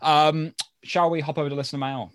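A man's voice: fairly high pitch, level tone, brisk, dry recording. Man, podcast co-host, dry sarcastic humor, reads listener mail, close and dry sound. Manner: dry, joking, sarcastic asides. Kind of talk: casual chat, reading listener mail.

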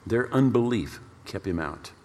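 Man, pastor, storytelling sermon, lively swings in pitch, repeats words for emphasis. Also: a little slow, a little hiss or hum. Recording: long reverb of a large hall.

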